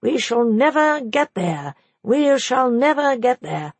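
A woman voicing a whimsical male army officer who chants slowly in a high, sing-song tone. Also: sing-song, husky, no echo, full character voice.

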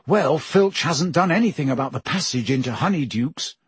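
A male narrator voicing a quiet, guarded teenage boy who speaks hesitantly. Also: expressive, normal speed, husky, dry recording. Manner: hesitant, low-key.

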